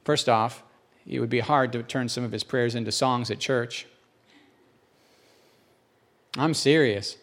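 A man's voice: medium pitch, normal speed, fairly bright tone. A male pastor preaching a conversational sermon with self-deprecating humor.

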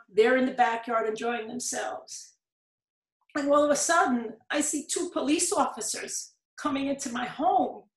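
A woman's voice: high-pitched, a bit bright. A middle-aged woman telling a personal story earnestly in an interview, her voice rising in pleading emphasis. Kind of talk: personal testimony in conversation. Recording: echoey room.

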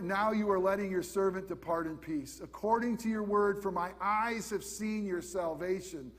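A man preaching a sermon with emphatic, repeated questions, swinging between loud and hushed delivery. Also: high-pitched, long reverb tail.

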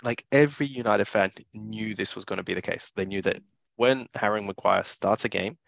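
A man's voice: on the low side, moderate pace, gravelly, fairly bright tone, no echo, dull audio. A young man co-hosting a casual football podcast, blunt and opinionated, tripping over repeated words when he gets going. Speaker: podcast co-host. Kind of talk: casual chat.

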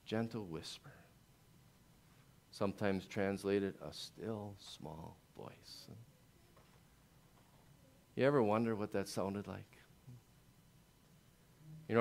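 A male pastor preaching a sermon, dropping to slow hushed lines and building to loud rising peaks. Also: sits low. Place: church.

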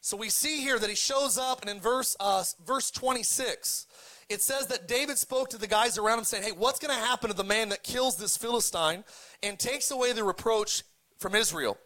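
At a moderate pace, a male pastor preaches in a high voice that sounds pushed and bright. His sermon mixes jokes with casual scripture retelling, and the congregation repeats words back to him.

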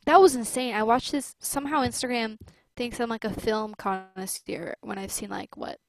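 A woman's voice: on the high side, fairly even intonation, moderate pace, gravelly, background noise. A young woman in casual chat, slangy and profane, with lots of "like". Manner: slangy, swears freely, many likes.

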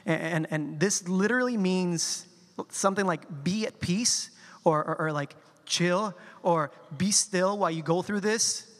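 A man from Colombia with a Spanish accent, preaching a sermon and telling stories with slow, emphatic quotes. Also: high voice, long reverb tail. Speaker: pastor.

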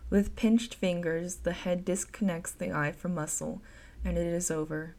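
Woman narrating a horror story, lowish voice. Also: measured pace. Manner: expressive, dramatic first-person reading.

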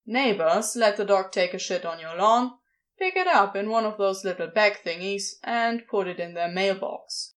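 A fed-up male demon with no patience, who scolds and mocks everyone in front of him in a storybook reading, acted out by a woman. His voice lurches up and down with lively swings in pitch. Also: normal speed, close to an everyday voice. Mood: scornful. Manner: exasperated, scolding. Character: irritated sarcastic male demon.

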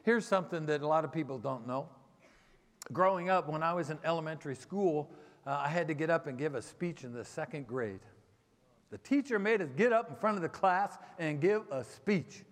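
A man preaching a sermon as a pastor, telling the story with lively acted-out voices and checking in with the congregation. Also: a little high, normal speed. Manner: animated storytelling, acts out quoted voices, checks in with "okay?". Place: church sanctuary. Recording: long hall reverb.

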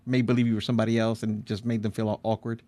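A man's voice: on the low side, level tone, very fast, mellow, no room sound. A man with a New Jersey accent co-hosting a casual podcast, rambling with many fillers. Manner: rambling, stacks fillers and restarts. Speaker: podcast co-host. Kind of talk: casual chat.

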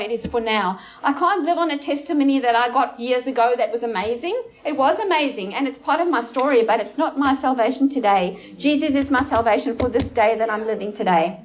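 A woman teaching the Bible informally to a small group indoors, animated and acting out the characters. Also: a little high, highs cut off. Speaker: preacher.

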